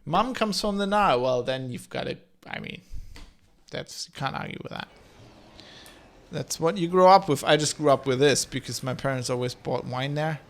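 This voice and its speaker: A man in his thirties from Germany with a mixed, slightly German English accent, chatting loosely while streaming a game and reading chat aloud, with a slight rasp. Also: fairly high pitch, moderate pace, fairly bright tone. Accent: German-tinged mixed English. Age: 30s. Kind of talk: casual game commentary.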